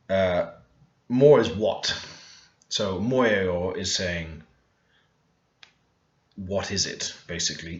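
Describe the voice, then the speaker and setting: Man, low-pitched, deliberate tutor who thinks aloud, dull roomy home recording. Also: lively intonation, a bit bright. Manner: unhurried, thinking aloud while typing. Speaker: language learner teaching Korean. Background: keyboard typing and clicks.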